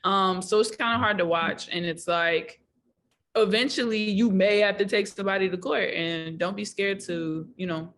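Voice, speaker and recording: A woman's voice: mid-range voice, fairly even intonation, moderate pace, fairly bright tone. A woman co-hosting a casual discussion over a video call, thoughtful and storytelling, with trailing fillers. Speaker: podcast co-host.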